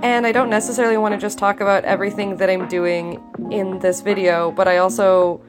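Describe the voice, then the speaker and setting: Canadian woman, young, chatty voiceover narrator who rambles freely, soft music under the voice. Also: medium pitch, little pitch movement, fairly quick. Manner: chatty, rambling, self-described yapper. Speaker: vlogger. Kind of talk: casual voiceover.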